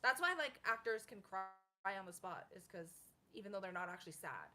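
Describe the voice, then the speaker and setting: A woman in her thirties in casual chat as co-host, playful and teasing, with quick interjections. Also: mid-range voice, expressive, bright, forceful tone.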